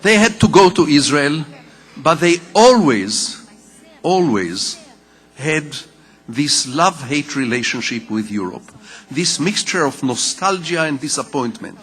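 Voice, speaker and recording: An older man who grew up speaking Hebrew gives a public lecture in English, telling personal stories in a measured, wry way with deliberate pauses. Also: a little high, lively intonation, fairly bright tone, slightly rough. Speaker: lecturing novelist. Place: conference hall. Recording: reverberant lecture hall.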